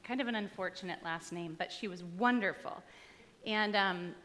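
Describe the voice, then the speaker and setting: With a medium-pitched voice that sounds pushed and bright, a woman pastor speaks at normal speed during a sermon. The church sanctuary lends long hall reverb as she shares personal stories conversationally, with a bit of humor.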